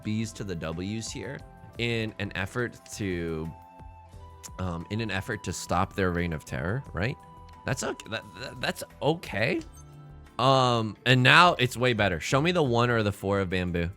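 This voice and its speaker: A man's voice: on the low side, a bit bright. A man giving casual, self-deprecating commentary while playing a tile game, often restarting his sentences and playing up his despair. He says he is tired from little sleep. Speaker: let's play host.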